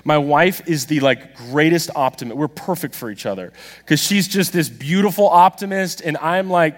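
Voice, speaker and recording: A man preaching a sermon, telling a story with animated, self-deprecating humor and acting out the dialogue himself. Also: fairly high pitch, normal speed. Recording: long reverb of a large hall.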